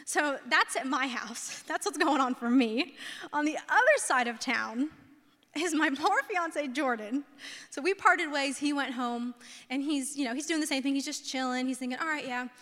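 A young woman pastor tells a story in a sermon, her voice high and bright. She talks in a chatty, casual way, full of fillers, and acts out the people in her story. The sound carries a long reverb from a large hall. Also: normal speed.

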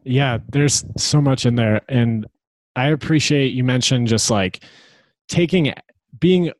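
A male podcast host with a mid-range voice reflects on what his guest has said. He talks thoughtfully and pauses to find his words. The sound is close and dry. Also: medium pitch, no room sound, low-quality recording. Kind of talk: conversational interview.

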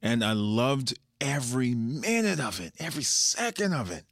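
A Canadian man who is a musician guest, chatting casually and telling animated stories in which he acts out the people he quotes. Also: medium pitch, normal speed, dry recording, studio quality. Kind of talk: casual interview chat.

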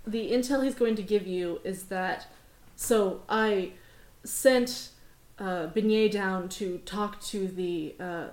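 A woman running a tabletop game as game master, talking loosely and rambling with lots of fillers. Her voice sits at a middle pitch. The recording is roomy and echoey, made near a construction zone. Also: darkish tone. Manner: casual, rambling, laughs often.

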